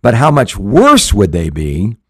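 A pastor who hosts a show gives conversational Bible teaching in an earnest, rambling manner, often restarting and using fillers. His lowish voice swoops wildly in pitch at an unhurried pace, with dry, close sound and no echo.

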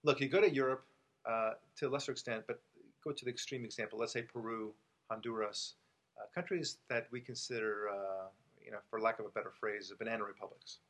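A man's voice: on the low side, fairly even intonation, fairly quick, a bit bright. An American man hosting a casual talk show, making his points with emphasis, repeating them and using many fillers. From United States. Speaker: podcast host and author.

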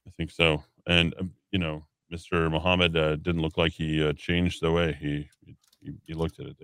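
A man's voice: a bass voice, little pitch movement, moderate pace, a bit bright, clean tone, no echo. A man hosting a talk radio show, reading news items and adding sarcastic asides in a casual way. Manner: reads headlines then adds sarcastic asides.

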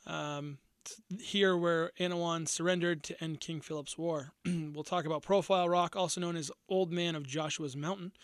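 High-voiced man. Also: a bit bright, smooth, no room sound, studio quality. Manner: rambling, self-correcting storyteller. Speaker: podcast co-host. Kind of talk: casual podcast chat.

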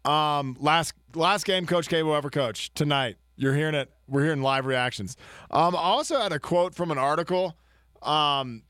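A man chatting loosely about sports on a podcast, excitable and quick to joke. His voice sits a little high for a man. The sound is dry and close, with no room around it. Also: no room sound. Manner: excitable, rambling, joking. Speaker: podcast co-host. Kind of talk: casual sports chat.

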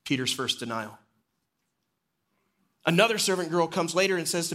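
A man, an executive pastor, preaching a sermon and retelling a story, dropping low and quiet at solemn moments. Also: animated, normal speed, long pauses.

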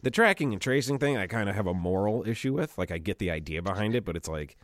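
A man's voice: lowish voice, animated, quick pace, dry recording, clean studio sound. A man chatting casually as a podcast host, swearing often, laughing, and acting out other people's voices in quotes. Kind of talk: casual chat.

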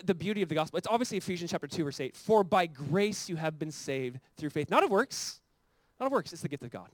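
A male pastor preaches in a rapid, conversational way, with a fairly high voice that climbs and grows loud when he stresses a point. The sound is close and dry, with little room echo. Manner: conversational preaching, rising to fervent emphasis. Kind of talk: sermon.

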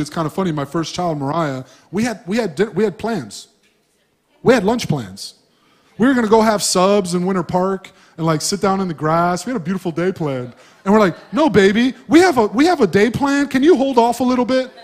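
A man preaching to a church, talking to the congregation casually and shifting between loud emphasis and soft asides. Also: sits high. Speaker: pastor. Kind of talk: sermon.

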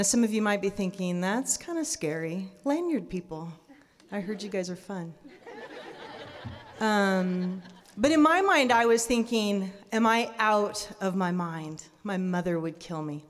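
A woman in her thirties telling a true personal story on stage before an audience, lively, laughing often and acting out her own reactions. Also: a little high. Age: 30s. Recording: long hall reverb.

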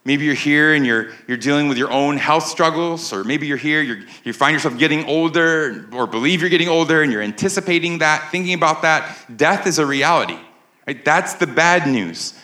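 In a church sanctuary before a live congregation, a pastor preaches a conversational sermon, often asking the room "right?" His fairly high voice is animated, pushed and bright, at a normal speed, and the sound is roomy.

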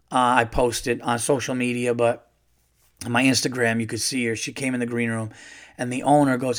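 A middle-aged man, a stand-up comedian hosting his own podcast, tells a loose, animated story full of fillers. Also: medium pitch. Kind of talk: casual solo podcast storytelling.

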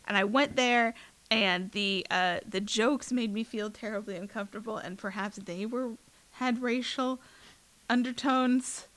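A young woman co-hosting a podcast, telling stories in a wry, sarcastic, animated way. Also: on the high side, measured pace. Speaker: podcast co-host. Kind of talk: casual chat.

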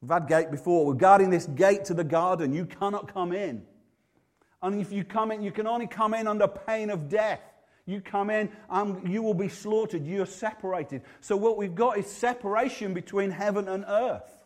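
A man's voice: high-pitched, normal speed. A man with a Yorkshire accent preaching a sermon in a conversational, humorous way, often restarting his sentences.

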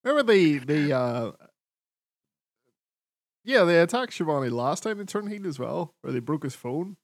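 A man's voice: fairly high pitch, very animated, moderate pace, no room sound, clean studio sound. A man co-hosting a podcast in sweary, laughing casual banter. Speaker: podcast co-host. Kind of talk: casual chat.

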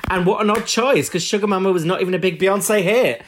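A man's voice: sits high, brisk, a little hiss or hum. Chatty man co-hosting a podcast. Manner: chatty, rambling with fillers. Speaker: podcast co-host. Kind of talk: casual chat.

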